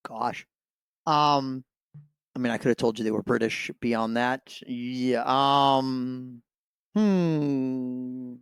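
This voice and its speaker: A man competing in a trivia quiz, thinking out loud, hesitating with fillers and laughing easily. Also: medium pitch, steady tone, extremely slow, clear, resonant tone, no room sound, clean studio sound. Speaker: quiz contestant. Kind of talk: casual game banter.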